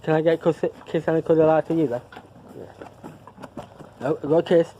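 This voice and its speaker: A man's voice: fairly high pitch, steady tone, fairly quick, pauses often, warm tone, highs cut off, a little hiss or hum. A man chatting casually to camera in a vlog, rambling and repeating himself as he loses his thread. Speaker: vlogger.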